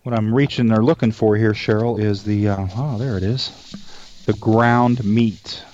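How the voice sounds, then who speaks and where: A man's voice: lowish voice, steady tone, unhurried, darkish tone, a little hiss or hum. A man hosting a cooking show, chatting casually in a folksy, rambling way and telling jokes along the way. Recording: dull dry lo-fi recording.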